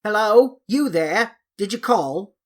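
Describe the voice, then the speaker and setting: A woman voicing a gruff, stubborn male manservant who speaks in a country dialect and drops his g's. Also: deep voice, lively intonation, moderate pace, a bit bright.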